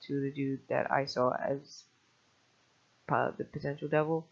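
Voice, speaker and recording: A man telling a personal testimony in a fast, scattered way, restarting often and swearing casually. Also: medium pitch, fairly even intonation, gravelly. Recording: dull lo-fi recording.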